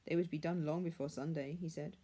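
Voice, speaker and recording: Woman reading a classic tale aloud, measured and hushed, mellow low voice. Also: fairly even intonation. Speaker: reader. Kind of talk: storybook reading.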